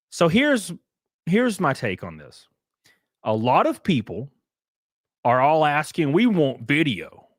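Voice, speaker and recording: A man streaming casual commentary, rambling and animated, swearing now and then, sounding worn down. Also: fairly high pitch, no echo, clean studio sound. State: worn down, says he can barely function. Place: home studio.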